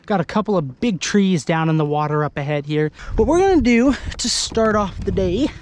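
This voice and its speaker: A man from Idaho giving excited, chatty commentary to the camera while fishing from a kayak on a lake. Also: high voice, normal speed, a little hiss or hum. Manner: excitable, exclaiming, chatty with viewers. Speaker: fishing vlogger. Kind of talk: casual outdoor commentary to camera. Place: kayak on an open lake outdoors. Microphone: handheld camera.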